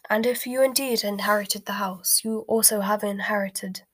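A woman voicing a calm, polite elderly male wizard in a soft whispered role-play storybook reading. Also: mid-range voice, no room sound, natural voice. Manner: polite and unhurried.

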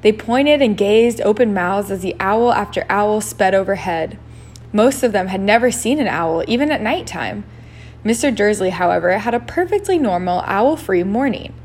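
A woman reads a novel aloud in a middle-pitched voice. She takes her time and now and then slips in an aside of her own. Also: lively intonation, darkish tone, a little hiss or hum. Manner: unhurried, adds own asides. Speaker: reader.

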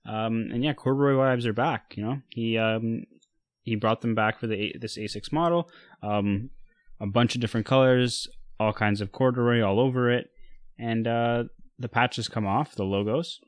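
A man co-hosting a casual chat about sneakers and streetwear, relaxed, with lots of fillers and restarts. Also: medium pitch, moderate pace, dry recording. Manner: relaxed, many fillers and restarts, giving buying advice.

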